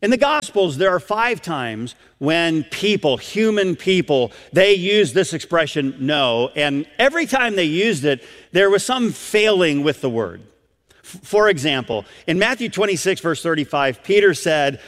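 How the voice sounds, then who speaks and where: A man preaching a sermon to a congregation, stressing key words with sudden loud bursts. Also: high-pitched, big pitch swings, normal speed, in a large hall. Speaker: pastor.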